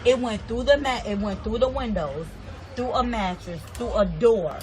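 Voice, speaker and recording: A woman's voice: a little high, normal speed, a crowd in the background, poor audio. A woman, a resident, agitatedly retelling how bullets came through her home, repeating herself as she goes. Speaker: resident telling of a shooting. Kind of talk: casual storytelling.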